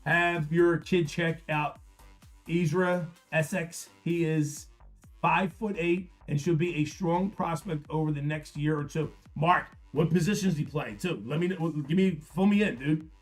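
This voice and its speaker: A man's voice: on the high side, steady tone, a little slow, faint music behind. A middle-aged man hosting a live stream, talking casually and bluntly, swearing freely, telling stories and chatting with viewers by name. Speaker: live card-break stream host.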